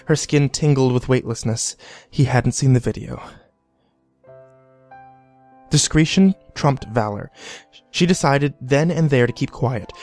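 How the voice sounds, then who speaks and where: A man reading a scripted horror story in a measured, deliberate way. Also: medium pitch, darkish tone. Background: faint background music.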